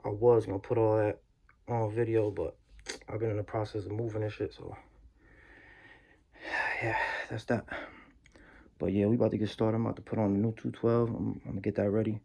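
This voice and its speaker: A young man talking quietly in a casual, slang-heavy way while showing a pocket bike build. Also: lowish voice, little pitch movement, brisk, gravelly, pauses often. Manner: hushed, laid-back slang-heavy talk. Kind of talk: casual workshop vlog.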